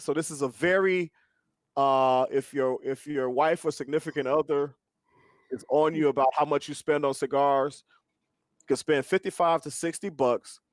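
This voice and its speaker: A man's voice: fairly high pitch, no room sound, clean studio sound. A middle-aged man, a podcast co-host, rambling jokily and a bit crudely through a casual cigar review. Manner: rambling, profane, jokey.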